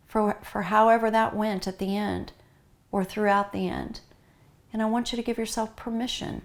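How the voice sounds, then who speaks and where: Addressing grieving pet owners, a middle-aged North American woman who speaks about pet loss gives an earnest, heartfelt talk, repeating her warm encouragement over and over. Her voice is mid-range and level, at a normal speed.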